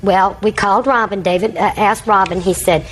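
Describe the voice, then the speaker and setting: A woman's voice: medium pitch, fairly even intonation, a little fast, a little hiss or hum, rough recording. An older woman, a grandmother, giving long courtroom testimony as a litigant and rambling through her account while acting out what others said.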